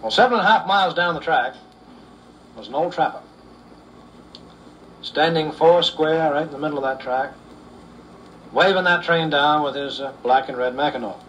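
A man tells folksy humorous stories at an unhurried pace, leaning on "uh"s. His voice sits slightly high for a man. It is picked up from a distance with faint noise in the background. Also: a bit bright, lo-fi sound. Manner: unhurried, with fillers. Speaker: storyteller.

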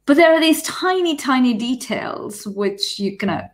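A woman's voice: high-pitched, expressive, unhurried. A woman joining an online discussion, talking about a story in a thoughtful, eager way with some hesitations. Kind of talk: conversational discussion.

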